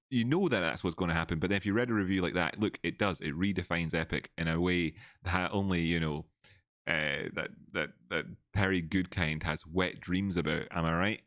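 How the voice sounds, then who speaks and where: A man hosts a relaxed livestream chat from inside an old building, rambling, restarting sentences and sometimes reading viewers' messages aloud. He speaks briskly in a very low voice, and the recording is dry and close.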